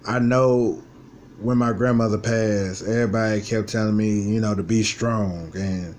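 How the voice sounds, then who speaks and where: Low-voiced man venting bluntly. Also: fairly even intonation, unhurried, darkish tone, a little hiss or hum. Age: 20s. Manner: blunt, profane, frustrated venting. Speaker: vlogger. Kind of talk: personal vlog monologue.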